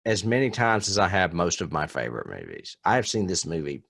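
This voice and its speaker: Low, animated male co-host; blunt and opinionated in casual chat. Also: fairly quick, gravelly, no echo, studio quality. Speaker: podcast co-host. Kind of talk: casual film discussion.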